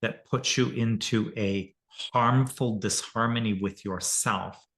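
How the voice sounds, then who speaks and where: A man's voice: fairly low pitch, takes it slowly, a bit bright. A man hosting a conversation who earnestly explains ideas. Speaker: podcast host. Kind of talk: reflective conversation.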